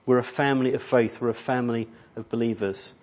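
A man's voice: medium pitch, steady tone, quick pace, a little mellow. A middle-aged man preaching a sermon in a church hall, rambling and conversational, with many restarts. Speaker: pastor.

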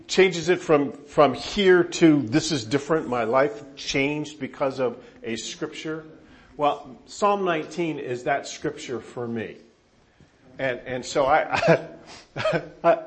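A male pastor from Southern California preaches a sermon to a congregation, telling animated stories laced with self-deprecating humor. His voice is medium in pitch.

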